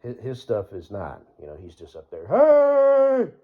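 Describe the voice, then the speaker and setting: A man's voice: deep voice, animated, fairly quick, breathy edge. A man vlogging in a casual, rambling way, full of fillers and laughing at his own jokes. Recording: dull lo-fi recording.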